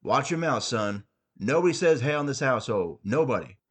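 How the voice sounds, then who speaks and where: A man voicing a blustering, muddled father who lectures his son in a stern, slow manner. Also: medium pitch, expressive, fairly bright tone, breathy edge. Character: blustering, muddled middle-aged dad.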